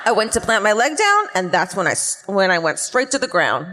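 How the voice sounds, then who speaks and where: A dazed middle-aged delivery man retells a shooting in a put-on drawl, as a woman acts him out on a live stage. The voice rides a wide pitch range and rings with the long reverb of a concert hall. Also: sing-song, brisk, pushed and bright.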